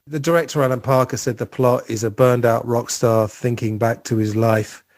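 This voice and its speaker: A man hosting a film podcast, chatting loosely and wandering from one bit of trivia to the next. His voice is middle-pitched and sits close and dry, with no room sound around it. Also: fairly even intonation, moderate pace, no room sound. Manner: chatty, rambling, trivia-filled storytelling. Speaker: podcast host. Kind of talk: casual film podcast chat.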